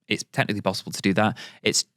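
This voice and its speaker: A man's voice: lowish voice, level tone, rapid-fire, fairly bright tone, no echo, clean studio sound. A man giving a casual product tutorial on audio gear, talking in a loose, chatty way with lots of fillers and restarts.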